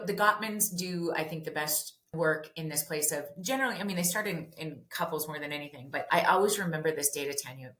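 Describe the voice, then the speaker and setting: A woman in her forties with a low voice talks candidly and animatedly about parenting, dropping casual swears. The recording has a roomy echo around her. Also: a bit bright. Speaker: parenting author and therapist. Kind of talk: candid podcast conversation.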